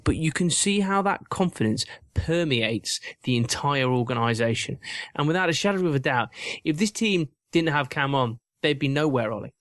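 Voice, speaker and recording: Man, podcast co-host, enthusiastic, fairly high voice, dry close recording. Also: lively intonation, moderate pace, a bit bright, no echo. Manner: enthusiastic, questioning, addresses co-host by name. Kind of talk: casual sports chat.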